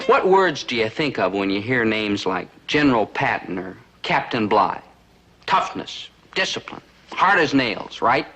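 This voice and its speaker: A man's voice: medium pitch, sing-song, measured pace, sharp tone, slight background noise. An actor playing an anxious, wry young man about to go into the army, in a 1960s sitcom, speaking to viewers with incredulous asides. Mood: wry narration. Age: young adult.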